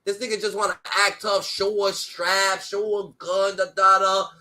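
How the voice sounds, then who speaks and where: Man, high voice, very bright tone, profane rant, repeats "da da da" filler, AAVE speech. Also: flat delivery, measured pace. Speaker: streamer reacting to a clip. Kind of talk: heated reaction commentary.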